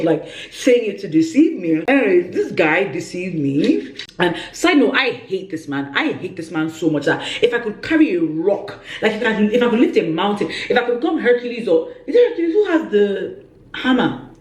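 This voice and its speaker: A young woman tells a story in a vlog, theatrical and full of exaggeration. Her voice sits in a middle pitch. The room adds a clear echo around her. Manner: animated, dramatic, exaggerated storytelling. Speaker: vlogger. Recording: roomy echo.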